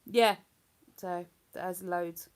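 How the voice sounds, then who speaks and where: A woman's voice: lowish voice, steady tone, extremely slow, clear, resonant tone. A woman hosting a livestream in casual, rambling chat. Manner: rambling, chatty, breaks into hummed tunes. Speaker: livestream host.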